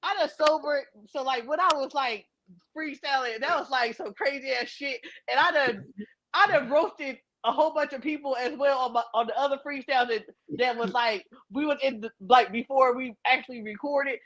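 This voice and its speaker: A woman's voice: high voice, normal speed, fairly bright tone, lo-fi sound. A young adult woman chatting casually and profanely with a friend, laughing about her freestyle. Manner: loose, profane, laughing banter. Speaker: co-host. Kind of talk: casual chat and freestyle rap.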